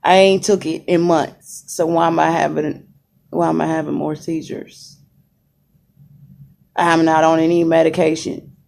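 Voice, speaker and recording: Slow, gravelly young woman vlogger. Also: low-pitched, flat delivery, a little mellow. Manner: chatty, laughing, says y'all, greets commenters. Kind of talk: casual chat to viewers. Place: hospital room. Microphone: phone camera.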